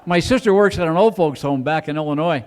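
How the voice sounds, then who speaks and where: A man doing a stand-up comedy set in a club, telling rambling stories and chatting with the audience, now and then jumping into loud put-on voices. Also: a little high, fast talker.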